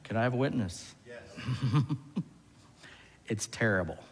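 A man preaching a sermon as pastor, animated, often putting questions to the congregation. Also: lowish voice, measured pace, gravelly, a little hiss or hum. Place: church sanctuary. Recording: church hall reverb.

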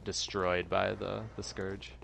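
A man's voice: deep voice, completely flat delivery, takes it slowly, gravelly, a bit bright, slight background noise. A man streaming a co-op game, musing about its lore in casual chat and swearing when startled.

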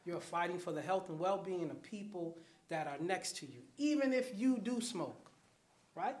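A man giving a lively talk at a community event, often putting questions to the audience. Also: high-pitched, normal speed. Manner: animated, addresses the crowd with questions. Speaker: guest speaker, program manager. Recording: echoey hall.

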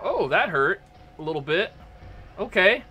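A young man commentating his own gameplay, trash-talking a boss with loud yelps and exclamations. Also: high-pitched, big pitch swings, measured pace, soft background music. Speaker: gamer playing a boss fight.

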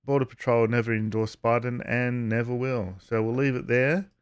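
A man giving casual vlog commentary, halting with frequent uhs and restarts and chuckling as he talks. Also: medium pitch, steady tone, clean tone. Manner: chuckles while talking. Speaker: YouTube commentator.

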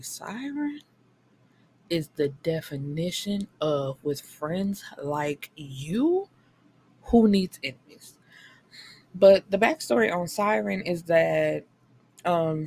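A woman chatting casually through a book review, blunt and candid, swearing freely and retelling the plot with quick acted-out quotes. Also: on the low side, a little hiss or hum.

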